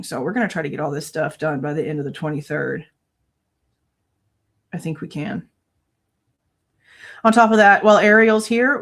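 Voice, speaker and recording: A woman hosting a casual true crime livestream from home, exasperated and ranting, swearing loosely and thanking viewers between complaints. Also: mid-range voice. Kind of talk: casual livestream reaction chat. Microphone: no headphones, desk mic.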